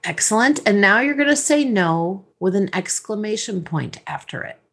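Husky-voiced woman coaching host. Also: medium pitch, moderate pace. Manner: lively, teasing, directive. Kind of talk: podcast coaching talk.

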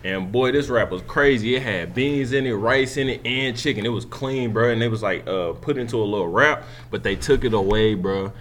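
A man's voice: medium pitch, normal speed, hardly any pauses, a bit bright, slight background noise. Slangy young man teasing his friends. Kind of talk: casual group banter.

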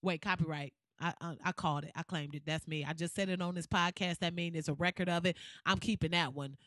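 A woman hosting a podcast who rants in a blunt, profane, sarcastic and animated way. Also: fairly low pitch, fairly quick, dry recording, studio quality. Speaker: podcast host. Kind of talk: podcast rant.

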